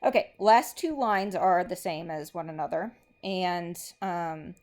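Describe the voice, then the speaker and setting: A woman's voice: lowish voice, measured pace, hardly any pauses, a little mellow. A woman English teacher giving a recorded lesson, methodically explaining step by step while marking a board.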